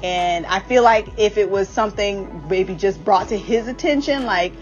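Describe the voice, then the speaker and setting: A woman's voice: mid-range voice, normal speed, dull audio, soft background music. A woman giving a casual, blunt and profane TV recap. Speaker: podcast host recapping a TV series.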